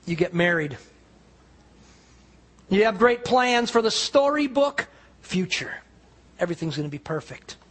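Husky high-voiced male preacher. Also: lively intonation, unhurried, pauses often. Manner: storytelling, drops to a hush for quiet lines. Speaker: pastor. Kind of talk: sermon.

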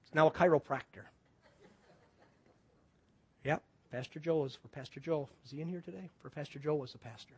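A Wisconsin pastor preaches a sermon, animatedly telling a story and acting out the people in it. His voice is a little high with a breathy edge, he talks fast, and the sound is lo-fi.

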